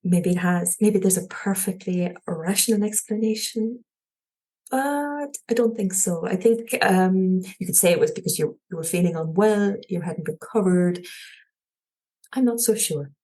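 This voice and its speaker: With a Cork accent, a woman guesting on a podcast shares a personal story with plenty of energy. She speaks unhurriedly at a medium pitch, laughing lightly now and then and restarting sentences as she goes.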